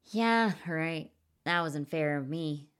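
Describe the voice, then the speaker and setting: A man's voice: a little high, slow pace, a bit bright, clean tone. A woman voicing a large blond guard who talks in a snorting, sarcastic way in a storybook reading. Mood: sheepish. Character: big blond barricade guard, snide then sheepish.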